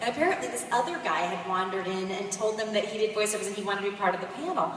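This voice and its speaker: A woman's voice: mid-range voice, expressive, racing, a bit bright, slight background noise. A woman voice actress on a convention panel, telling rambling anecdotes full of fillers, recorded from far off on a phone in a big hall. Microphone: far phone recording from audience. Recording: echoey hall, distant phone mic. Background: crowd.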